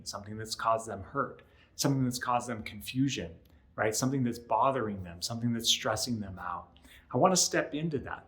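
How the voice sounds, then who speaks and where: A male relationship counselor speaks to camera in a conversational, educational talk, often checking in with "right?" and acting out short example lines in other voices. His voice is medium-pitched with a fairly bright tone.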